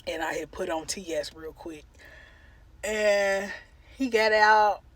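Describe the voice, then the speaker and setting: A woman vlogger tells a casual storytime as she eats on camera. Her delivery is animated, profane and full of slang, and she is quick to break into a loud cackle. Her voice sits at a middling pitch. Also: dry recording.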